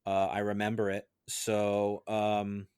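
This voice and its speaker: A man's voice: fairly low pitch, completely flat delivery, slow pace, darkish tone, clean tone, no echo. Chatty man, dry close sound. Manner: chatty, lots of fillers. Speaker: podcast juror. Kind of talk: casual film discussion.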